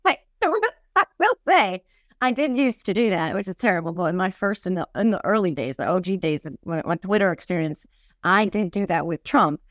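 A woman hosting a casual podcast chat, sarcastic and joking in quick riffs. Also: on the low side, very animated, a bit bright, dry recording, clean studio sound. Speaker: podcast host.

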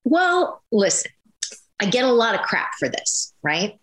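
A woman in her fifties, a soap opera actress, chatting in an interview in a rambling, animated way, full of restarts and "you know"s. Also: on the high side, measured pace, echoey room. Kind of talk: casual interview chat.

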